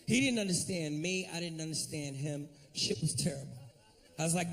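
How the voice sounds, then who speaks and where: A man's voice: fairly high pitch, normal speed. A man doing a stand-up comedy set, brash and profane as he tells his stories.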